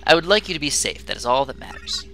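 Male base computer, stiff formal delivery, bright timbre, game voice, put on by a man. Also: on the high side, big pitch swings, vocal fry, slight background noise, voice pushed up, heavily acted. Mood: solemn. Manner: stiff, formal, measured speech.

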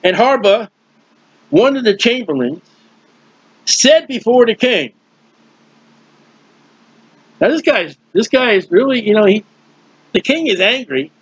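A man with a fairly high, husky voice walks through a Bible passage in an informal teaching style. He talks conversationally, reaching for everyday comparisons and often restarting his sentences. The audio is dull and lo-fi, with a dry, close sound. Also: sing-song, unhurried, long pauses, dry recording.

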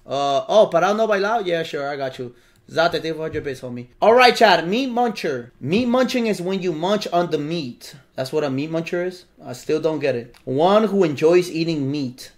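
A man in his late twenties hosts a live stream, running tryouts and chatting with his viewers. His voice sits high, and he talks in a teasing, excitable way that keeps tipping into laughter. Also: moderate pace. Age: late 20s. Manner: playful, teasing, excitable, bursts into loud laughs. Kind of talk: live-stream banter with chat.

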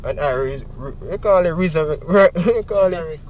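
Young Jamaican man, high animated voice. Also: a little fast, slight background noise. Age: young adult. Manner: animated, heavy Jamaican Patois, acts out quoted speech. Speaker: interviewee. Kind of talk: recounting events in interview.

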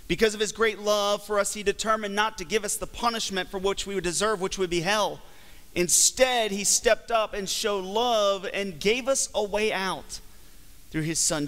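Pastor guy preaching, kinda high voice, big echo of a church hall, leans hard on words. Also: a bit bright. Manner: emphatic preaching with slow, stretched phrases. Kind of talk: sermon. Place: church sanctuary. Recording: long hall reverb from a church.

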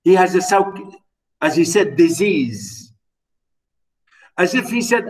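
A male teacher lectures his literature class in an unhurried, drawn-out way, stressing and repeating his words. His voice sits somewhat high, and he is picked up from a distance, as if the mic is across the classroom. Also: lively intonation. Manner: emphatic, repeats words, many "you know" fillers.

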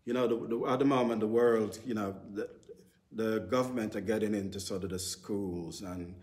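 Man, low voice, rambling informal church talk peppered with fillers. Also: fairly even intonation, moderate pace, darkish tone. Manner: rambling, heavy use of "sort of" and "you know". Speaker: church speaker. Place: church service.

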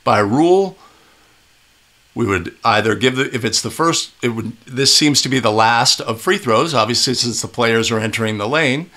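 Middle-aged male instructor, bright forceful tone, casual clip-breakdown teaching style. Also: medium pitch, normal speed. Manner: conversational, asks "right?" often. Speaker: basketball officiating instructor. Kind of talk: video breakdown commentary.

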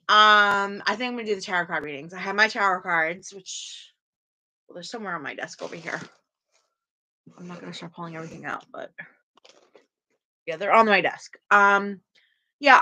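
A woman's voice: mid-range voice, pushed and bright, poor audio. A woman chatting to viewers about her home workout, rambling and restarting her sentences. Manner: rambling, chatty, restarts often, talks to live chat. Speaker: vlogger streaming a home workout. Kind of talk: casual chat to viewers. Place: small room at home. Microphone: camera or phone at home.

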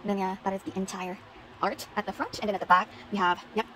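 A woman's voice: medium pitch, fairly even intonation, quick pace, sharp tone, slight background noise, rough recording. A woman showing off her concert haul in a casual vlog, gushing and repeating herself. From Philippines. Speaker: vlogger.

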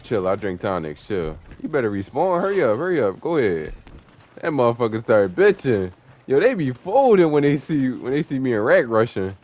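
A young man commentating his online gameplay, taunting and cursing at opponents in an excitable, profane way. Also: medium pitch, moderate pace, dull audio. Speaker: gamer streaming online play. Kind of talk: trash-talking gameplay commentary.

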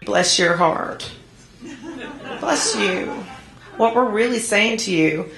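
A woman voicing a sweetly insulting lady, drawn-out and mock-polite. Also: medium pitch, animated, reverberant, crowd noise, close to an everyday voice. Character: sugary backhanded Southern lady, sweetly insulting.

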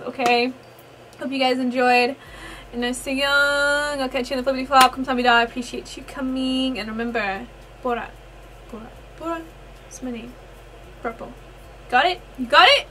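Giggly woman gushing over a video, voice a bit high, clear noise behind her. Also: a bit bright. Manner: giggly and gushing, laughs often. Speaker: reaction video host. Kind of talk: casual fan reaction commentary. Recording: audible background noise.

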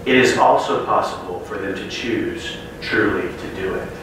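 A man giving a sermon to a room of students, telling a joke story with lively character voices before turning to a Bible passage. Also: low-pitched, normal speed. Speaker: guest speaker. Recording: very echoey room from a distance, faint noise.

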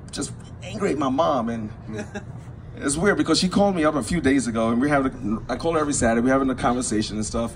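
A man's voice: medium pitch, a little hiss or hum. A young man from Queens, New York, doing a loose, rambling stand-up set with crowd work and frequent laughs. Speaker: stand-up comedian. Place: small backyard show with a live crowd. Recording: live audience laughing behind.

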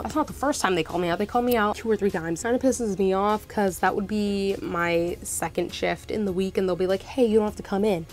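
A woman's voice: medium pitch, a little mellow. Chatty young woman telling a storytime. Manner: chatty, frank, lots of swearing and "like". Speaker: vlogger. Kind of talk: casual storytime vlog.

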